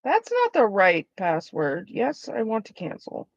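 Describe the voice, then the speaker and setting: A woman's voice: medium pitch, wildly swooping pitch, a little slow, no echo, lo-fi sound. A woman chatting casually on a live stream, rambling and swearing through her asides.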